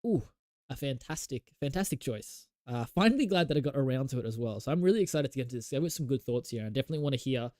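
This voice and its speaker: A man's voice: mid-range voice, animated, rapid-fire, darkish tone, dry recording, studio quality. A man co-hosting a casual film podcast, eager and joking. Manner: enthusiastic, loose and joking. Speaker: podcast co-host.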